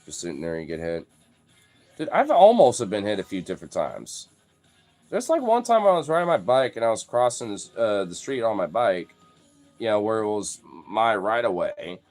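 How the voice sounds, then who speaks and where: A man's voice: fairly low pitch, big pitch swings, normal speed, darkish tone, faint music behind. A young man telling stories casually, rambling, swearing a lot and filling his talk with "like.". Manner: rambling, profane, many "like" fillers. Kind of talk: casual storytelling.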